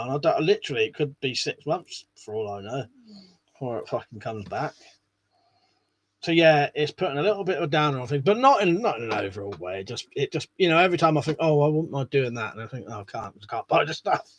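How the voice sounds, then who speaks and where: A man with a husky, medium-pitched voice hosts a casual live stream, reading chat and talking to viewers in a rambling way, swearing now and then.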